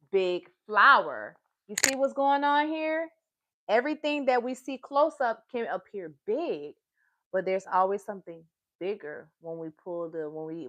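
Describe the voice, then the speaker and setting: A woman reading a picture book aloud to young children on a live stream, asking them questions along the way. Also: mid-range voice. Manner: slow, sing-song, asks the listeners questions. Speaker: children's storytime reader. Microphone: streaming live, close to the device.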